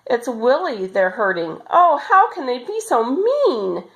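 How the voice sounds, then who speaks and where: A woman voicing a gentle, worried young girl who speaks in a pleading, distressed way in a storybook reading. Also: fairly high pitch, very animated, slow pace, pitched above the performer's own voice, exaggerated voice, low-quality recording. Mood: upset.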